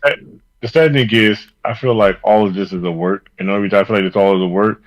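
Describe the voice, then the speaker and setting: A man's voice: on the low side, steady tone, fast, low-quality recording. A man co-hosting a wrestling podcast, talking in a loose, profane, rambling way. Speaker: podcast co-host. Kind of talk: casual wrestling chat.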